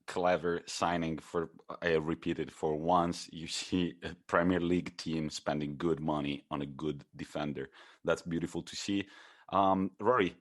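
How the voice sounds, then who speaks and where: A man co-hosting a podcast, running through football fixtures enthusiastically and teasing his co-host. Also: low voice. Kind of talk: casual football chat.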